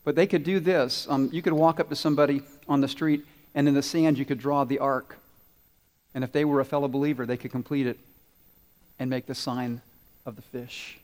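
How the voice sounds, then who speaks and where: Animated pastor in a reverberant church. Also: male voice, mid-range voice, moderate pace, long pauses. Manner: animated, asks children questions and answers for them. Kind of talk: children's sermon. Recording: long reverb in a large hall.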